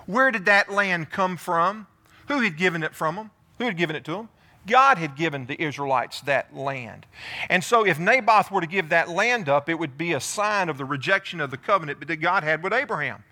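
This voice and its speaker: A male pastor giving a lively sermon, asking the congregation questions and calling on people by name. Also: high voice. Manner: animated, calls on listeners by name, asks the room questions.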